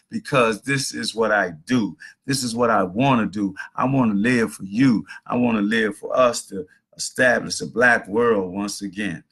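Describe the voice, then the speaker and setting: Gravelly, husky middle-aged male host. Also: lowish voice, fairly bright tone. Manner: rambling, preachy storytelling. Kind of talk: casual livestream monologue. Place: at home.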